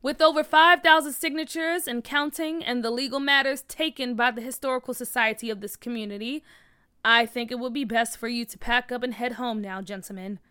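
A woman's voice: fairly high pitch, fairly even intonation, brisk, bright, forceful tone, clear, resonant tone, no room sound, studio quality. A woman voicing a formal, authoritative man who heads a historical society, in a storybook read-aloud.

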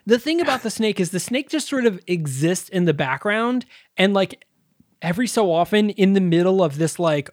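A man's voice: high voice, lively intonation, normal speed, no echo, clean studio sound. A man co-hosting a podcast, chatting casually about a movie, incredulous and laughing, swearing often. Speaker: podcast co-host. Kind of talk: casual movie review chat.

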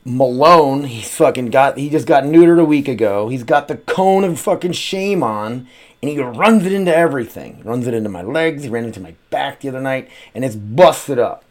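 A man's voice: mid-range voice, lively intonation, moderate pace. A man hosting his own podcast at home, talking casually in a rambling way with lots of swearing and "uh" fillers. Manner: rambling, profane, frequent "uh" fillers. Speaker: podcast host. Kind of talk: casual solo podcast chat.

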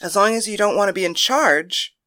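A woman voicing a calm female leader who speaks quietly and in a measured way. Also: mid-range voice, close to an everyday voice.

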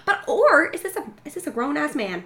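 A woman's voice: sits high, big pitch swings, fast talker, pushed and bright. A young woman co-hosting a podcast, telling stories with lots of laughter, acting out quotes and swearing freely. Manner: storytelling with bursts of laughter, acts out quotes. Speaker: podcast co-host. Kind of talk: casual chat.

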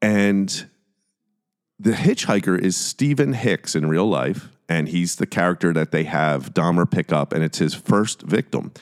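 Brief: male podcast host, lowish voice, casual critical commentary. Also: lively intonation, a little slow. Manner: conversational, critical, retelling scenes.

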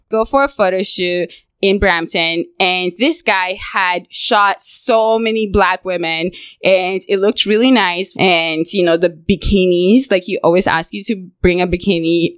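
Blunt, animated young woman telling stories. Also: fairly low pitch, clean tone, no room sound. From Africa. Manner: animated, blunt, profane, laughing storyteller. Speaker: podcast host. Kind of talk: casual storytelling chat.

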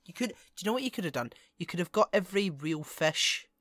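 A man chatting casually about a film, playful and jokey, asking questions in quick bursts. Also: high-pitched, animated, fairly bright tone, no room sound, clean studio sound.

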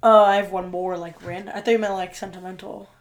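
A woman's voice: mid-range voice, flat delivery. A young woman co-hosting a casual chat, playful and teasing. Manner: playful, teasing, quick to laugh. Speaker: podcast co-host.

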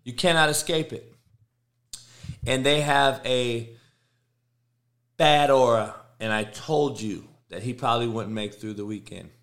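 A man's voice: mid-range voice, a little slow, pauses often, fairly bright tone. A middle-aged man, host of a sports show, ranting casually and emphatically, swearing and repeating himself for effect. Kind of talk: casual rant on college football.

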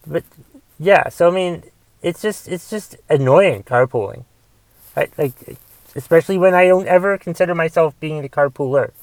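A young man with a voice on the high side hosts a solo podcast at a moderate pace. He rants casually and ramblingly, restarting sentences and swearing. The recording is dry.

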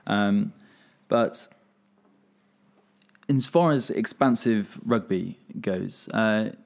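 A young man with a low voice co-hosts a casual podcast. He builds his points in a measured way, with plenty of ums and uhs along the way. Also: vocal fry, a little mellow. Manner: measured, filler-heavy, analytical. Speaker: podcast co-host.

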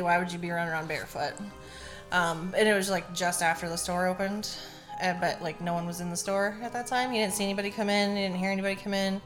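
A young adult woman with a fairly bright mid-range voice co-hosts a podcast, telling stories in a loose, casual way. She swears freely and laughs easily.

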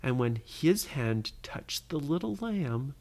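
A parent telling an improvised bedtime story to a child. The delivery is slow and expressive, with a lively, widely swinging pitch, and it pauses to ask the listener questions.

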